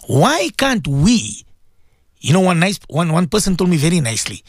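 A man's voice: high voice, big pitch swings, moderate pace, dry recording, clean studio sound. A man preaching on the radio, addressing his listeners directly, emphatic and repetitive. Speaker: religious radio presenter. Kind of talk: impassioned radio sermon.

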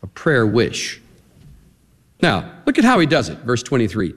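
A man preaching a sermon in an animated, emphatic way, leaning hard on single words. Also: a little high, normal speed. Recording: long reverb of a large hall.

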